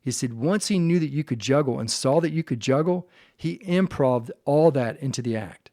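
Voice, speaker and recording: A man hosting a podcast, talking earnestly and with deep feeling about his family and faith, at times choked up. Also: normal speed, a little mellow, no echo, clean studio sound. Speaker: podcast host. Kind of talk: heartfelt faith-based podcast monologue.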